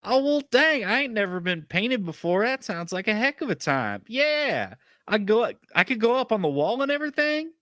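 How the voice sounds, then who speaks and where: A man's voice: sits high, very animated, moderate pace, sharp tone, no echo, clean studio sound, pitched above the performer's own voice, heavily acted. A man voicing a shy young farmhand boxer with a folksy drawl, stammering and flustered. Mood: delighted.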